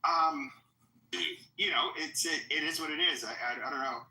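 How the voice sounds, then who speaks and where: A man's voice: on the high side, normal speed, sharp tone, echoey room, low-quality recording. A man hosting a heated live debate in an online audio room. He is combative and profane, and interrupts often.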